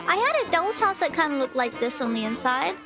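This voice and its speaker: A young woman streaming, chatting casually and gushing over cute animal videos. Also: high-pitched. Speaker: VTuber streamer.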